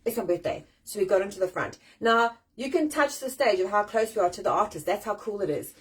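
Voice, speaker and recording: A South African woman in her forties hosting a casual live-stream chat from home, animated, self-deprecating and swearing freely. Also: medium pitch, a little fast, slightly rough, rough recording. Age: 40s. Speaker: host. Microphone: phone or webcam on a live stream.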